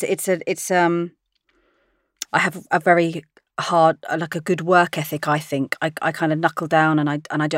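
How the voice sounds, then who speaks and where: A woman's voice: low-pitched, dry recording, clean studio sound. A woman, an actress, chatting in an interview, laughing often as she tells stories. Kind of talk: casual interview chat.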